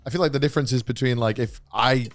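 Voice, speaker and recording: A man's voice: medium pitch, quick pace, faint music behind. A man co-hosting a podcast, joking around, laughing often and acting out little scenes. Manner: playful, laughs often, acts out scenarios. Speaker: podcast co-host. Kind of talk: casual group chat.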